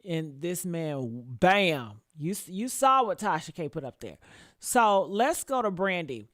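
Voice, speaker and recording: A woman hosting a celebrity gossip show, reading out statements and reacting bluntly with profane, sassy asides, swinging from low mutters to loud outbursts. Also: big pitch swings, measured pace, dry recording, clean studio sound. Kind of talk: casual commentary reading statements.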